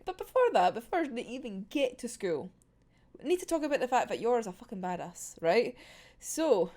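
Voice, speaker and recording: A young Scottish woman reviews manga in casual, giggly chat. Her voice sits a bit high and swings widely in pitch as she acts out characters' lines. She swears freely. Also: a little mellow.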